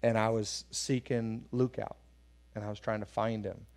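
A man's voice: fairly low pitch, little pitch movement, moderate pace, darkish tone. A man preaching a sermon in a conversational way, telling personal stories, acting out voices when he quotes people, and asking the congregation questions. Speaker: pastor.

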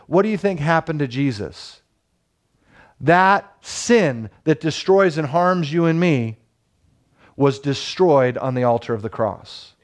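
A man's voice: fairly high pitch, measured pace. A man in his thirties preaching a sermon as pastor, with rising emphasis and frequent rhetorical questions.

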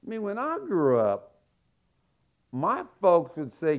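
A middle-aged man preaching a sermon, telling stories and acting out quotes with lively swings. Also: takes it slowly. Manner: animated storytelling with acted-out quotes and big pitch swings. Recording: dull lo-fi sound.

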